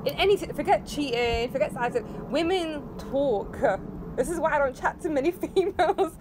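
A woman's voice: high voice, normal speed, background noise. A woman, co-hosting a casual podcast and teasing the others in a chatty way. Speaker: podcast co-host. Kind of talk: casual group chat.

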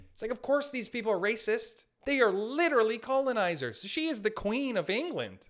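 Man, late 20s, podcast host, comic rant, high voice, swooping delivery, laughs at own jokes. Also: pushed and bright. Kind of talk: comedic solo podcast rant.

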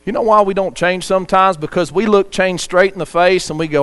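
A man's voice: high-pitched, fairly quick, a bit bright, smooth. A man preaching a sermon, earnest, reading scripture aloud and telling a story to the congregation.

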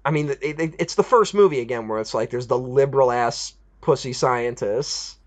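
A man co-hosting a casual film review podcast, animated and profane, slipping into mocking voices of characters. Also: mid-range voice, normal speed.

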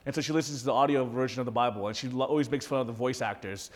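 A man's voice: medium pitch, racing, long reverb tail. A man in his thirties preaching a sermon as a pastor, talking conversationally and animatedly to his congregation. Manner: conversational, animated, addresses audience directly.

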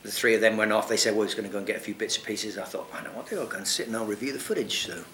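A man telling a long anecdote in casual chat, animated, swearing often and laughing. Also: lowish voice, very fast, roomy sound, slight background noise. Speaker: guest actor. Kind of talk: casual storytelling.

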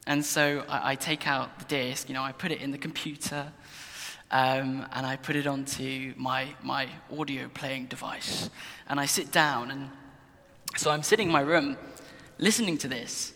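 A man's voice: medium pitch, steady tone, moderate pace, pushed and bright, in a large hall. A young man candidly telling his personal Christian testimony at his desk in a casual, earnest way, sometimes restarting sentences. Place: desk in his own room.

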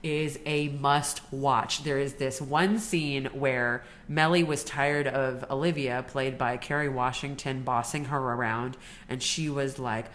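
A woman with a notably low voice co-hosts a podcast in relaxed conversation. She tells stories with energy, and she laughs easily between her points. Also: measured pace, few pauses. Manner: chatty, animated storytelling with laughs. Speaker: podcast co-host. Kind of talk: casual chat.

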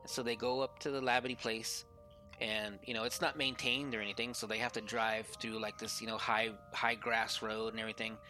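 A man's voice: on the low side, flat delivery, brisk, sharp tone, faint music behind. Rambling man telling a story. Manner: rambling, heavy use of "like". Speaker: podcast guest. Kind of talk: casual storytelling. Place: remote call over Discord.

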